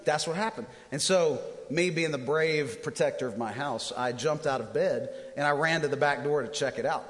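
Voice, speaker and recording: Animated pastor preaching in a reverberant hall. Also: male voice, fairly high pitch, moderate pace. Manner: animated storyteller, self-deprecating humor. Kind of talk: sermon with personal storytelling. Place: church auditorium.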